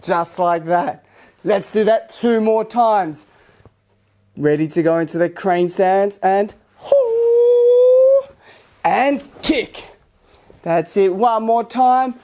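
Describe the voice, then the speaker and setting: A woman from Australia teaching a kids karate class, upbeat and encouraging, with loud karate shouts between instructions. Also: mid-range voice, big pitch swings, slow. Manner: upbeat, encouraging, talking to young children. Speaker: martial arts instructor.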